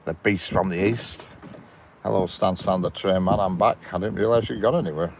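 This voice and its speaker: A man's voice: deep voice, moderate pace, background noise. A man in a parked car chatting casually on a live stream, greeting viewers by name and chuckling. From England. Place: inside a parked car by a railway.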